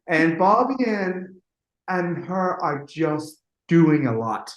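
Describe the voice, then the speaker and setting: A middle-aged man, a music producer, telling anecdotes in a lively, casual way, acting out what people said and swearing freely. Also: on the high side, slow, echoey room, low-quality recording. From Denmark. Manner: animated, acts out quotes, swears freely.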